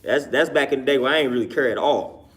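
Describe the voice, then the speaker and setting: This man speaks at medium pitch, fast and a bit bright, as he hosts a livestream and chats casually with viewers' comments. He says every point twice with emphasis, laughing in between, in a repetitive, emphatic way.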